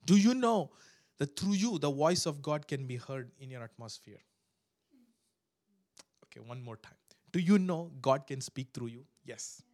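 A man preaching a sermon to a live and online congregation, swinging between loud exhortation and hushed prayer, and acting out voices in his stories. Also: a little high, lively intonation, measured pace, long pauses, no room sound. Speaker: pastor.

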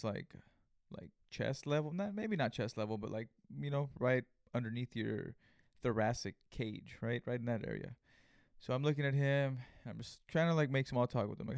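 A podcast host tells a story on his solo show in a rambling, casual, conversational way full of fillers. His medium-pitched voice is gravelly yet smooth and a little mellow, in a dry, clean studio recording.

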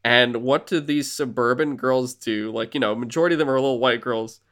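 A man co-hosting a casual podcast, excitedly rambling through a recap with swearing and lots of fillers. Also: mid-range voice, fairly quick. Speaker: podcast co-host.

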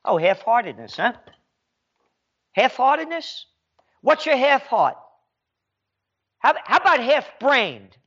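A man with a high voice hosts a ranting commentary, sarcastic and mocking as he picks apart what he reads. He speaks at an unhurried pace, and the recording sounds slightly muffled and lo-fi. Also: big pitch swings, a bit bright, breathy edge. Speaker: commentary show host.

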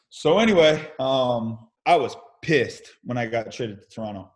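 A man's voice: medium pitch, moderate pace, hardly any pauses. A young American man telling candid stories about his career in a casual interview over a video call. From United States. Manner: lively storyteller, casual and candid, mild swearing. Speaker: podcast guest, pro baseball player.

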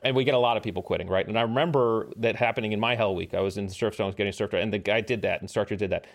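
A middle-aged man with a low-pitched voice telling a war story on a podcast. He speaks casually and animatedly, acting out the lines of the people in his story. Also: racing. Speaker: podcast guest, former Navy SEAL.

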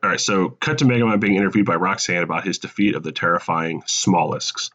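A man casually pitching a comedic movie sequel on a podcast, laughing at his own puns. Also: brisk, a bit bright, muffled recording.

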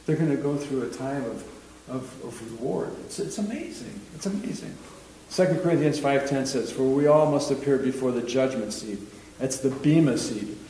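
A man's voice: medium pitch, normal speed, slight background noise. Chatty man teaching scripture in a roomy hall. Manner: relaxed and chatty, often checks in with "okay?". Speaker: Bible study teacher. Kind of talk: conversational Bible teaching. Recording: roomy sound from some distance off the mic.

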